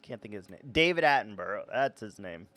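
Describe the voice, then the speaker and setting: A man's voice: fairly low pitch, fast talker, no room sound. A man streaming a game live, chatting casually in a rambling, self-deprecating way.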